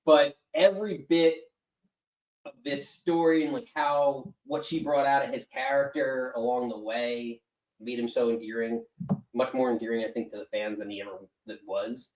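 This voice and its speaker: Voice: medium pitch, moderate pace, far from the mic. Echoey off-mic host voice. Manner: relaxed, reflective, asks the topic questions. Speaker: podcast host. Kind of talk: casual chat.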